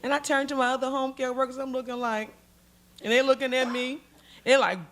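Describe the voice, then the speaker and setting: A middle-aged woman telling a story on stage, dramatic and animated, acting out the voices in it. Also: sits high, fairly quick. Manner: animated, dramatic, acts out every voice. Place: stage in a museum hall.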